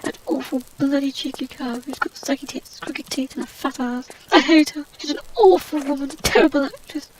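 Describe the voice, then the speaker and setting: Woman putting on a snooty adventurer lady, high voice, rambling bitter gossip over a game. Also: steady tone, moderate pace, few pauses, background noise, close to an everyday voice. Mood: indignant. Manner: snobbish, rambling, indignant gossip. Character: haughty posh English adventurer heroine, out of work and bitter. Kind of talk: comedic gameplay commentary.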